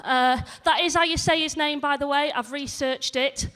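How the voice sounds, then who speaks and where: Young woman, Yorkshire accent, stand-up comic, high voice, chatty, self-mocking. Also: fairly even intonation, normal speed, pushed and bright. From northern England, near Leeds. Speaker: stand-up comedian. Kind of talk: stand-up comedy set. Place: comedy hall stage.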